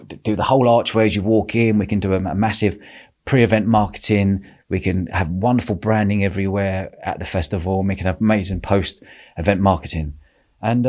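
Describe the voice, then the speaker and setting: A man hosting a podcast, telling a lively story with lots of laughter and quoted voices. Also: on the low side. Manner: animated, laughing, acts out quotes. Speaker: podcast host. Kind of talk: casual storytelling chat.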